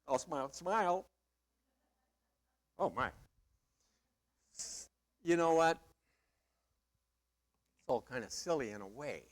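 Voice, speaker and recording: A man's voice: on the high side, expressive, takes it slowly, pauses often. A middle-aged male pastor preaching a sermon in a conversational, emphatic way with playful asides.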